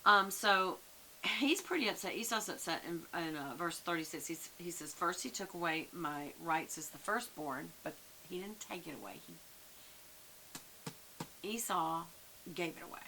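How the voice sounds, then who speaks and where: A woman's voice: on the low side, animated, normal speed, bright, forceful tone, poor audio. A woman leading a casual Bible study, musing aloud with frequent fillers. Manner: conversational, muses aloud, many fillers. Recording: faint hiss.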